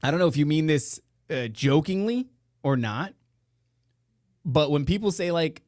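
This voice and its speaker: A man's voice: a little high, expressive, unhurried, long pauses, a little mellow, no echo, clean studio sound. Profane sarcastic man hosting a podcast. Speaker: podcast host. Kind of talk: casual live podcast chat. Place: indoor room beside a meeting room. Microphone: headphones and close studio mic.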